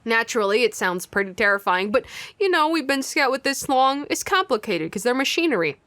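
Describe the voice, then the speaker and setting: Woman streamer, slight lisp, bubbly game commentary, higher voice. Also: fairly quick, dry recording. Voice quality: slight lisp from heavy de-essing. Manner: chatty and animated, with goofy asides. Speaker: let's play host. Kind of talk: casual gameplay commentary.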